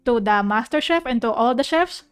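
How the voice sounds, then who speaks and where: High-voiced young woman, effusive rambling chat. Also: animated, normal speed, clean tone. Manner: rambling, effusive, emotional, with restarts. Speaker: vtuber streamer. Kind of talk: casual chat reacting to an anime. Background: soft piano music.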